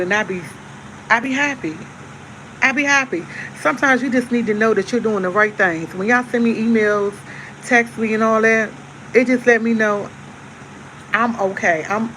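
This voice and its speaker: A woman's voice: medium pitch, a bit bright, slight background noise, rough recording. A woman hosting a casual live stream, chatting easygoingly to her viewers and repeating herself. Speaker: livestream host. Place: at home with coffee.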